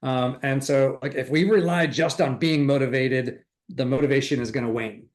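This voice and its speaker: A man's voice: medium pitch, steady tone, normal speed. A middle-aged man giving a motivational real estate training talk, enthusiastic and acting out quoted chatter.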